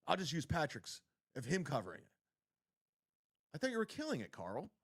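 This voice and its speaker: Ranting man with a lively voice. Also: on the high side, fairly quick, slightly rough. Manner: mocking, ranting, heavy swearing. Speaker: streamer reacting to a clip. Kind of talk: livestream commentary.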